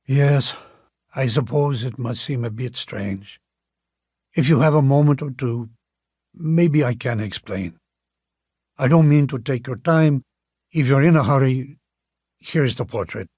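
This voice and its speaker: A man voicing a courteous, slightly shy old gentleman in an audiobook, speaking softly with formal, old-fashioned phrasing. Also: mid-range voice, unhurried, pauses often, slightly rough, dry recording, clean studio sound. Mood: earnest. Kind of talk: audiobook character reading.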